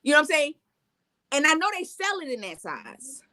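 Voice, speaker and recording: A woman in her forties co-hosting a casual chat, telling stories in an animated way and acting out what people said. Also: sits high, normal speed. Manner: animated storyteller acting out quotes. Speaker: co-host. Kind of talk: casual chat recapping reality TV.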